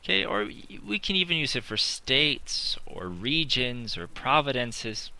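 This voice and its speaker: A man teaching English in a slow, deliberate classroom style, repeating his examples while writing them on a board. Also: medium pitch, very animated, creaky, bright, forceful tone. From not British.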